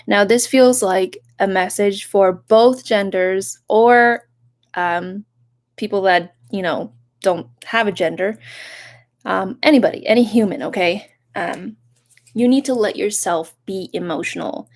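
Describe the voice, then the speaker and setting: Soft, rambling young woman reader. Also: medium pitch, a little slow. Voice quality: soft-spoken, rambling, greets viewers with sudden excitement. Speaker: live tarot reader. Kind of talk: casual live-stream reading.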